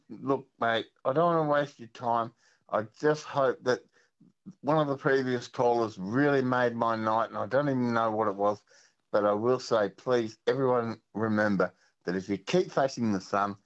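A man's voice: mid-range voice, normal speed. A man with an Australian accent calling a radio quiz, laid-back and musing. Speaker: caller. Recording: dull phone line.

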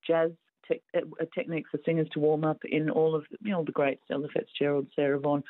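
A woman's voice: deep voice, little pitch movement, fast, very noisy. A woman calling in to a radio show, rambling enthusiastically from one point to the next. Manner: rambling, enthusiastic name-dropping. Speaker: caller. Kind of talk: casual phone chat. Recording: tinny phone line.

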